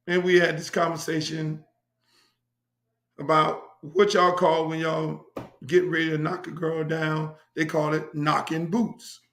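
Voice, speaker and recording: A brash, profane middle-aged man from Miami tells a story on his own show, circling back to the same phrases again and again. His voice sits high and sounds bright and forceful. The room around him is echoey. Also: flat delivery, a little slow. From Miami, USA. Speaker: host. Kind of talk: casual storytelling monologue.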